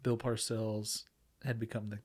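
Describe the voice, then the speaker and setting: A man co-hosting a podcast who speaks very slowly. He hesitates and halts over his words, filling gaps as he works out what to say. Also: lowish voice, flat delivery, darkish tone, breathy edge. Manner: hesitant, halting, with fillers. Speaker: podcast co-host. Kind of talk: casual chat.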